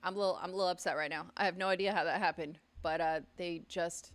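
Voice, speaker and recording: A woman's voice: on the low side, steady tone, fast. A woman hosting a casual livestream from her home studio, chatty and outspoken, swearing when annoyed, on a studio mic that picks up the room. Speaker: livestream host. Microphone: studio mic picking up the room.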